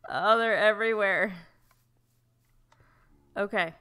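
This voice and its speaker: A woman's voice: on the low side, unhurried, pushed and bright, clear, resonant tone. Chatty woman narrating her gameplay. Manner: chatty, flustered, frequent restarts and exclamations. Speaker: let's-play host. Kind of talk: casual gameplay commentary.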